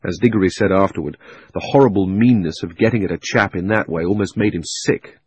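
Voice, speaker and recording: A man narrating an audiobook in an expressive storytelling manner. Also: deep voice, brisk, husky.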